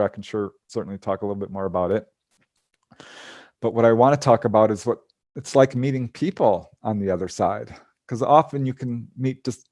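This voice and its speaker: A man giving a casual talk over a video call, telling personal stories with lively acted-out dialogue and small laughs. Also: mid-range voice, dry recording, studio quality. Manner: animated storytelling, acts out quoted dialogue with laughs. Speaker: speaker on out-of-body travel.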